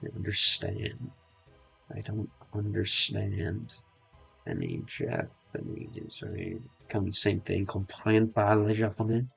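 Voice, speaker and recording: A man's voice: fairly low pitch, level tone, creaky, a bit bright, faint music behind. A man chatting casually while streaming a game, trying out phrases and often stopping to repeat himself. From United States. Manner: halting, repeats and tries out phrases. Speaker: streamer learning French. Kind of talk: casual gameplay chat.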